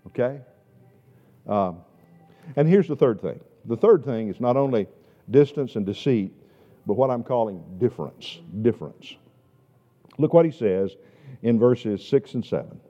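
A male pastor delivers a sermon with a lively, rising and falling delivery, stressing key words hard and then dropping to quiet asides. His voice rings through a long church echo, and the recording sounds dull and lo-fi. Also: medium pitch, unhurried, long pauses. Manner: emphatic, swings between loud stress and quiet asides; repeats words while restarting. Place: church sanctuary. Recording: echoey hall, dull lo-fi sound.

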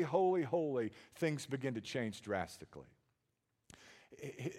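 A man, preaching a sermon with dynamic swings from hushed tones to loud emphasis and frequent repeated words. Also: a little high. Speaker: pastor.

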